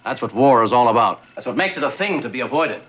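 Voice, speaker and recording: An actor playing a stern starship captain in a measured, emphatic lecture, heard in an old TV clip. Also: male voice, medium pitch, lively intonation, fairly bright tone, muffled recording, lightly acted.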